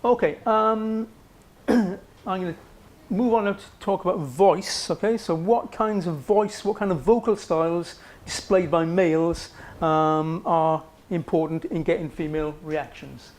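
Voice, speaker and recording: Slightly high-voiced male lecturer. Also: measured pace. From Wales. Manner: conversational, frequent "okay" checks and fillers. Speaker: psychology lecturer. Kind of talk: university lecture. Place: lecture room.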